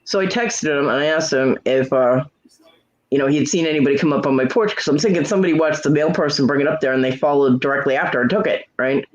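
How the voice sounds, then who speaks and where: A middle-aged woman hosting a casual livestream chat, telling a story with lots of swearing and jumping into high voices for quotes while greeting viewers. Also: fast talker. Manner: profane, animated storytelling with leaping voices for quotes. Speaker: livestream host. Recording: muffled lo-fi stream audio.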